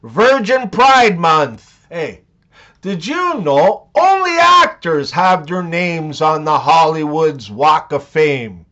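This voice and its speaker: Male comedian, deadpan joke delivery, unhurried; dull lo-fi sound. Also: a little high. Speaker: comedian telling jokes. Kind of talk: scripted joke narration.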